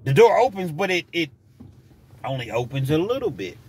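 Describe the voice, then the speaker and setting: A man's voice: fairly high pitch, normal speed, a little hiss or hum. A man telling a personal story casually, acting out scenes as he goes. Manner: animated, acts out scenes.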